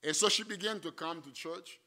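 A man preaching a sermon, swinging from loud emphatic lines to quiet storytelling. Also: on the high side, fairly quick. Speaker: missionary preacher.

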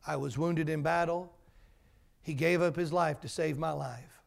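An earnest young soldier, told by a male pastor, speaking sincerely and plainly. The voice is fairly high with a creaky, gravelly texture. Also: steady tone, a little slow.

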